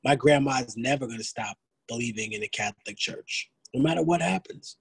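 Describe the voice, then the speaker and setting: A man's voice: medium pitch, lively intonation, a little fast, gravelly, husky, dry recording, poor audio. A man, giving a blunt, streetwise lecture to students, with frequent profanity and restarts. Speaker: guest lecturer.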